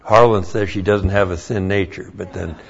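A man's voice: deep voice, steady tone, normal speed, gravelly. An older man preaching a sermon as a pastor, moving between folksy storytelling and emphatic preaching. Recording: dull lo-fi sermon recording.

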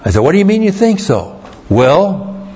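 A man's voice: high voice, big pitch swings, normal speed, a little mellow, dull audio, a little hiss or hum. A man preaching a sermon in a plain, conversational way, telling stories from his life in between teaching points. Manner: conversational, plain-spoken storytelling. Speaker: pastor. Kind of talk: sermon with anecdotes.

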